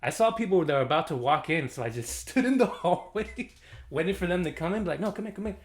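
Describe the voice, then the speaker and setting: A man giving a casual movie review, animated and slangy, laughing often as he talks. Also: a little high, fast talker.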